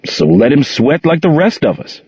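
A man's voice: lowish voice, very animated, moderate pace, darkish tone, no echo. A man voicing an angry but controlled young man who talks in a terse, resentful way, in a dull, muffled recording.

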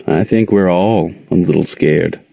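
A man's voice: low voice, unhurried, creaky, dry recording, exaggerated voice. A man voicing an older aunt, folksy, firm and protective, in a dull muffled recording. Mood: tender. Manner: folksy, scolding then tender. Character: warm firm older aunt raising kids.

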